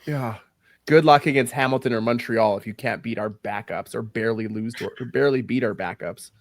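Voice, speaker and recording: A man talking football on a podcast in an easy, conversational way. He is opinionated and sometimes pauses to hunt for the right word. His voice sits in a middle register and sounds close and dry. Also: medium pitch, dry recording. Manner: conversational, searches for words, opinionated. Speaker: podcast co-host. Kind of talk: casual sports chat.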